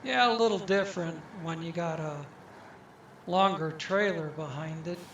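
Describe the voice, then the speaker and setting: A man casually talking to himself as he plays a truck game, musing slowly and thinking aloud. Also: fairly high pitch, a bit bright, lo-fi sound, a little hiss or hum. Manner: slow, musing, talks to himself. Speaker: gaming channel host. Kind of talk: casual gameplay commentary. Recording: roomy, distant mic.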